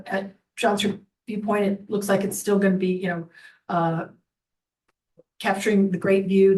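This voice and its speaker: A woman's voice: medium pitch, a little mellow. A woman on a city council gives her report in a chatty, rambling way, full of fillers and side remarks. She sits back from the microphone, so her voice carries a little distance. The council chamber around her sounds roomy.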